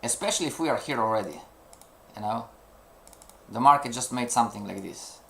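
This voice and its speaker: Here a male trading instructor with a mid-range, creaky voice talks fairly quickly and with a sharp tone, over a slight hiss or hum. He's teaching students a live trading lesson in non-native English, sometimes searching for words and often checking they understand with "you know" and rhetorical questions.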